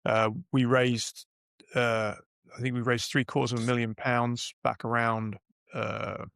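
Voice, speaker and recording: A man's voice: mid-range voice, flat delivery, unhurried, gravelly, a bit bright, dry recording, studio quality. A middle-aged British man, a podcast guest, telling business anecdotes in a casual, rambling way with frequent restarts. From United Kingdom. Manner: rambling, self-correcting anecdotes. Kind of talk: casual interview storytelling.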